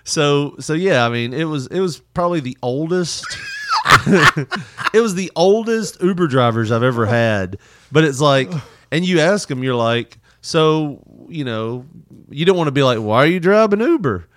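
A man's voice: a little high, lively intonation, unhurried, fairly bright tone, no echo, studio quality. A man in casual podcast chat, telling loose rambling travel stories with frequent laughter and swearing.

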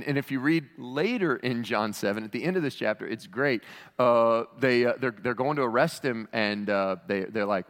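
A man preaching a sermon as pastor, animated and emphatic, his voice climbing to shouts on key lines. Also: medium pitch, in a large hall.

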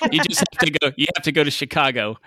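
A man's voice: a little high, noisy background. A man hosting a podcast in casual chat, joking and teasing the guests. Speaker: podcast host.

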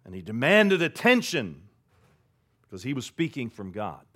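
A man preaching a sermon, swinging between loud declarations and hushed asides. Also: mid-range voice, very animated, normal speed. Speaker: pastor.

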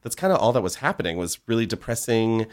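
Lively, joking man co-hosting a podcast. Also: fairly low pitch, fast. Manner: joking, swears freely, lively. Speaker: podcast co-host. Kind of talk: casual chat, reading a listener letter.

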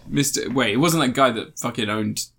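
A man's voice: mid-range voice, moderate pace, creaky, bright, forceful tone, slightly rough. A man, chatting casually as a podcast co-host, rambling and joking as he searches for words. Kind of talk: casual chat.

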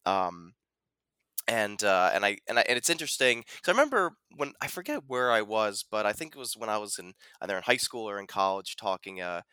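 A man co-hosting a podcast, chatting casually about a film, animated and full of fillers, acting out quotes. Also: fairly low pitch, brisk, smooth, no room sound. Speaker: podcast co-host.

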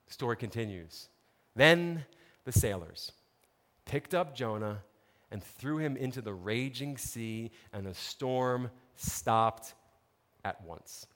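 A man preaching a sermon, telling a story with lively, conversational asides to his listeners. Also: medium pitch, slow, big-room sound. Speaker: pastor.

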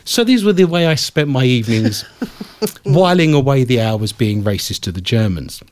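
A man's voice: mid-range voice, expressive, normal speed, a little mellow, no echo. A man hosting a radio show, chatting casually and rambling through dry, joking anecdotes. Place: radio studio.

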